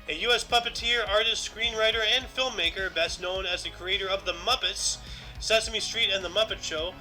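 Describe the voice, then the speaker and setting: A man's voice: high-pitched, sharp tone, poor audio. A man hosting a casual podcast, reading out history entries and adding dry asides, with faint music in the background. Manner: reads lists aloud, adds dry asides. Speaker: podcast host.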